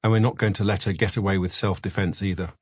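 A man reading a resolute senior barrister with a low, husky voice, laying down a firm decision. Close, dry audiobook sound. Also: fairly even intonation, quick pace, no echo. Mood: determined.

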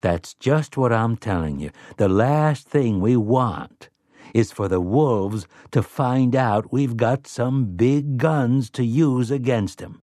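A man's voice: mid-range voice, expressive, takes it slowly, mellow, dry recording, clean studio sound. A man doing a sly, folksy schemer. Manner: breezy, conspiratorial, folksy. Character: sly, easygoing man with quick humor.

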